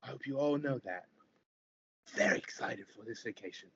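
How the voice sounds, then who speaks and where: Man playing a loving otter father, bright and forced cheer, muffled recording. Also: mid-range voice, lively intonation, moderate pace, slight background noise. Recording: dull lo-fi recording.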